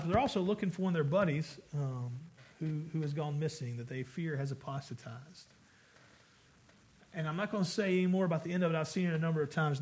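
A man preaching a sermon as pastor, earnest and conversational, with frequent restarts. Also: on the high side.

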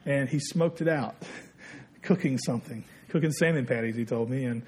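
Husky-voiced man telling a story in a sermon. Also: moderate pace, a little mellow. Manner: conversational storytelling, quoting others in lowered voice. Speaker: pastor.

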